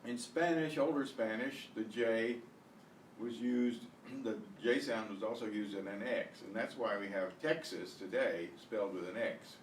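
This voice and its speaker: A man teaching an online beginner language lesson, repeating words slowly with exaggerated pronunciation. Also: lowish voice. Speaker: Spanish teacher. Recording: echoey room, distant mic, faint hiss.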